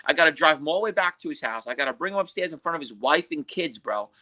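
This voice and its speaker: A man tells his story as a podcast guest, his voice hard-edged and forceful. He sits slightly high for a man and swears freely. He slips into the voices of the people he talks about. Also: quick pace. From Queens, New York. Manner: profane, animated, acts out what others said. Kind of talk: casual storytelling.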